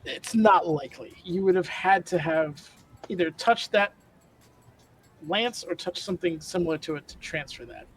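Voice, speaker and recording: A man's voice: high-pitched, expressive, moderate pace, a little hiss or hum, low-quality recording. A man acting as dungeon master who explains the rules in a casual way, thinking aloud with fillers. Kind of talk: narrating a tabletop game. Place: home streaming setup.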